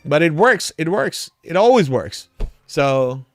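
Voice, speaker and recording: A man's voice: fairly high pitch, sing-song, takes it slowly, no echo, soft background music. A man hosting a crypto livestream in a casual, rambling way, a little tipsy from drinking, calling his viewers brother and man.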